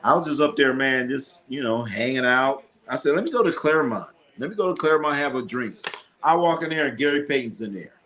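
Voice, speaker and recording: A man hosting a casual live sports stream, telling animated stories in a slangy way and swearing freely. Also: medium pitch, brisk. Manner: animated storytelling, acts out his own lines.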